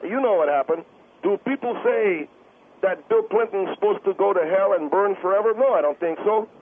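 A man from the Twin Cities rambles and interrupts over a tinny phone line with a faint hiss. His voice is high and full of fillers. He sounds like a combative radio caller. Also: moderate pace. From Minneapolis–Saint Paul, US Midwest. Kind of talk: heated call-in debate.

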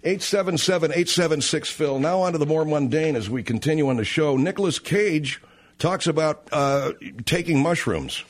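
A man's voice: on the high side, lively intonation, normal speed. A man hosting a radio talk show in a casual, brash, teasing, rambling way.

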